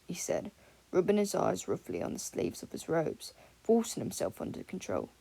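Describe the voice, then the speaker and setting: A woman's voice: fairly low pitch, wildly swooping pitch, normal speed, gravelly, mellow, husky. A woman narrating a fan fiction audiobook, reading the dialogue with small shifts between characters.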